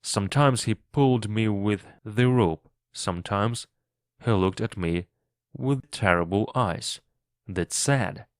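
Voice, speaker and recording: A man narrating a story in clear, deliberate English for learners. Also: lowish voice, no echo, clean studio sound. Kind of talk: slow audiobook reading for learners.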